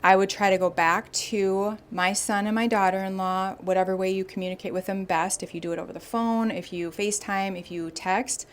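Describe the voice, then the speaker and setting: A young woman hosting a podcast, retelling a listener's story in a casual, animated way and acting out the people in it. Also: mid-range voice, brisk, few pauses, slight background noise. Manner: animated, acts out quoted voices. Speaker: podcast host.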